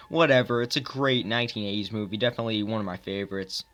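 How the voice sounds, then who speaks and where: A man's voice: on the low side, normal speed, a bit bright. A young man casually reviewing films, rambling with many fillers and self-mocking asides. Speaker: movie reviewer.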